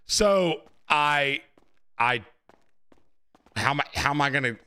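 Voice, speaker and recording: A man's voice: a little high, slow, clean tone. A young man, a brash, chatty streamer playing a marshal in a live roleplay. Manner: animated, brash, chatty with viewers.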